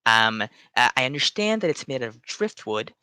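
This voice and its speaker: A man's voice: medium pitch, very animated, moderate pace, bright, forceful tone, clean tone, no echo, clean studio sound. A man voicing an eager, needy little halfling shopkeeper who sells his wares a bit too hard. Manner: pleading, overeager salesman.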